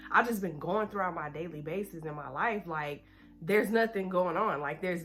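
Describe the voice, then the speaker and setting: A woman's voice: fairly low pitch, fairly bright tone, soft background music. Chatty young woman telling a story. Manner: talks fast when nervous. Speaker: beauty vlogger. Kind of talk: storytime while doing makeup.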